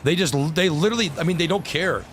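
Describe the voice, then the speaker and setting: A man's voice: high voice, lively intonation, fast talker, fairly bright tone, slight background noise. A man livestreaming a game, talking to chat in frustrated rants and swearing freely. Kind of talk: gaming livestream commentary.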